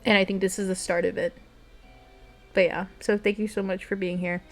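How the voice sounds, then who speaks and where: A woman's voice: mid-range voice, flat delivery, brisk, soft background music. A young woman streamer in casual chat with her viewers, giggly and emotional, talking straight to her chat.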